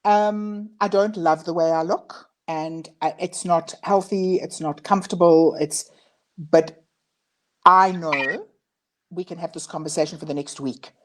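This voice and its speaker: Frank lower-voiced woman guest. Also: steady tone, a little slow. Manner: frank, self-deprecating. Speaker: guest, fashion designer. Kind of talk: candid interview talk.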